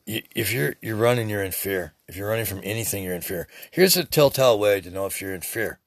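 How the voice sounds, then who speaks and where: A man's voice: on the low side, expressive, quick pace, no room sound. A man in his sixties preaching in a rambling, profane spiritual monologue as a podcast host. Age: 60s.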